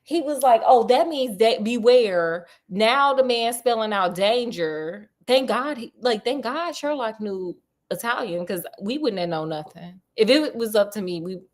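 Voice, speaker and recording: A woman's voice: fairly high pitch, lively intonation, normal speed. Chatty woman retelling a story. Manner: chatty and slangy, acting out characters' lines. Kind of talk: casual retelling of a detective story.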